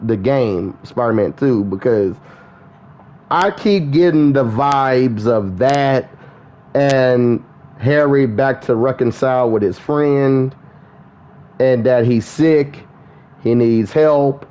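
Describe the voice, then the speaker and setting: A man chatting casually on a gaming livestream, excitable and profane, laughing often as he talks. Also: medium pitch, slow. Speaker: gaming streamer.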